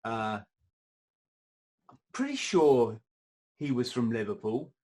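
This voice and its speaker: A man's voice: mid-range voice, big pitch swings, slow, darkish tone. A man hosting a podcast interview, chatting casually and wandering into asides, with the odd mild swear. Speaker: podcast host.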